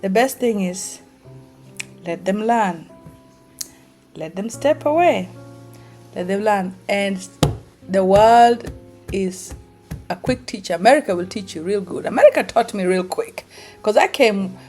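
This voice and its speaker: A middle-aged Kenyan woman vlogs casually, telling stories in her Kenyan accent, laughing often and acting out the voices she quotes. Her medium-pitched, slightly mellow voice has lively intonation and an unhurried pace with frequent pauses, over faint background music.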